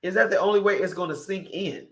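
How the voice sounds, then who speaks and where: A woman's voice: mid-range voice, fast talker, a bit bright. A woman hosting a morning talk show, giving an opinionated monologue that is emphatic and repetitive, full of rhetorical questions.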